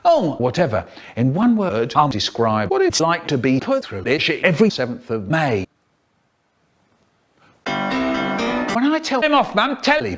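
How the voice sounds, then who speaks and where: A man's voice: on the high side, big pitch swings, unhurried, music in the background. A man, telling comic stories in a theatrical way and jumping between voices. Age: 70s. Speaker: children's storyteller. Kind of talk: spliced comic storytelling.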